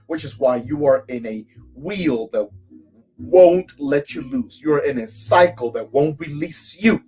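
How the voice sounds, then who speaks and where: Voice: mid-range voice, expressive, measured pace, dark tone, husky, faint music behind. A spiritual coach from Cuba giving a live tarot reading, emphatic and chanting repeated phrases.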